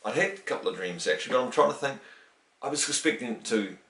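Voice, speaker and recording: A middle-aged man from New Zealand in a casual interview, telling a story and acting out the quoted voices with lively emphasis. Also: medium pitch, fast talker. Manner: animated, acts out quoted dialogue, many restarts. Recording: roomy, distant from the mic.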